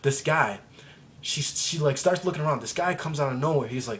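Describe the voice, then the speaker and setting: A man's voice: fairly high pitch, fairly quick, a bit bright, a little hiss or hum. A young man vlogging to camera, telling a rambling, profane story with lots of laughter and exaggeration. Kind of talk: casual comedic storytelling to camera.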